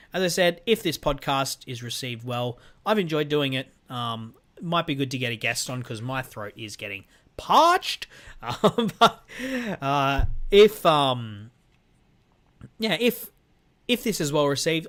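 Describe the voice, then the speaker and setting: A man's voice: medium pitch, a bit bright. A man hosting his own podcast from a room at home, chatting loosely with lots of fillers. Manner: chatty, rambling with fillers and restarts. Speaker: podcast host. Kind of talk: casual solo podcast sign-off. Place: home room with weights and a guitar.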